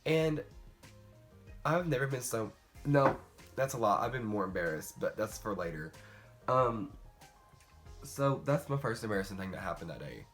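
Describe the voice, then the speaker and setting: A teenage boy talking through a casual makeup storytime, chatty and animated, jumping into high squeals when quoting people. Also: moderate pace. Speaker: beauty vlogger. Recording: faint music behind.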